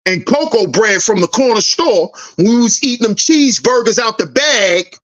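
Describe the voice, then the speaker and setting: A man's voice: high-pitched, lively intonation, moderate pace, lo-fi sound. A man hosting a commentary channel, preaching an emphatic rant that repeats lines for effect and swears freely. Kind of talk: ranting social commentary.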